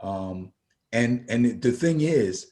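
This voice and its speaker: A man's voice: medium pitch, animated, takes it slowly, warm tone. Man co-hosting a football talk show. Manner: emphatic, repeats words when fired up. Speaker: sports talk show co-host. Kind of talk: casual sports radio chat.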